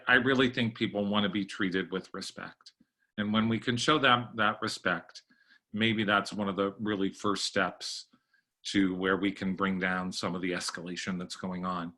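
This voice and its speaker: A middle-aged man presenting a library staff training webinar, conversational and often clearing his throat. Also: lowish voice, pushed and bright.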